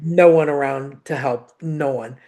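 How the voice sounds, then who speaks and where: A woman co-hosting a podcast, telling a personal story in an animated, emotional way and acting out the dialogue. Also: sits low, a little slow. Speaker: podcast co-host. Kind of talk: casual chat, personal storytelling.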